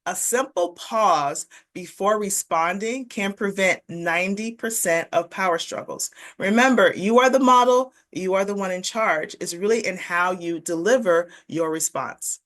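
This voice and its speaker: An upbeat woman coaching teachers in a direct-to-camera tips video. Her pitch sits in a middle range, and she talks to viewers in a friendly, encouraging way as she walks through her strategies. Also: measured pace, hardly any pauses, fairly bright tone.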